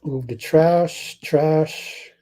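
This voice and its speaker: A young man talks his way through a live game stream in a casual, unhurried way, mumbling to himself between plays. His voice sits a little high for a man, and he calls the action in quick bursts. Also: warm tone. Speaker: sports livestream host.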